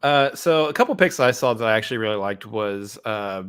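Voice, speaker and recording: A man co-hosting a film podcast, chatting casually in a rambling, halting way with plenty of fillers. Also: fairly low pitch, animated, a bit bright, clear, resonant tone. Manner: rambling, halting, self-deprecating. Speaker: podcast co-host. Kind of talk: casual chat.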